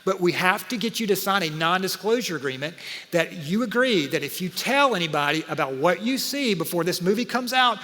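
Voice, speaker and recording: A man preaches to his church, his voice pitched high for a man. He tells stories in a lively, chatty way and keeps turning to the congregation. The long reverb of a large church hall hangs behind his words. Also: a little fast. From Georgia, USA. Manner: animated, conversational, talks to the audience. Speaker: pastor. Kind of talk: sermon with storytelling. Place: church auditorium.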